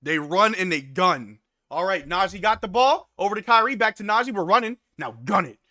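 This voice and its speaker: A man hosting a live watch-along stream, calling plays and reacting loudly with hype shouts on big moments. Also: sits high, expressive, a little fast, dry recording, clean studio sound. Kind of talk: excited live game commentary.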